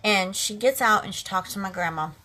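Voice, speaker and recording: Bright-voiced woman telling a heartfelt story. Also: medium pitch, a little fast. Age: late 30s. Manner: earnest, heartfelt, talks straight to viewers. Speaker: makeup live streamer. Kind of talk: casual personal storytelling on a livestream.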